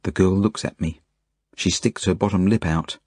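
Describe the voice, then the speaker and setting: An Australian man performs his own first-person novel as an audiobook, low and husky, plain and sincere. Intonation stays fairly even at a moderate pace, the tone slightly mellow, with close, dry sound and no room.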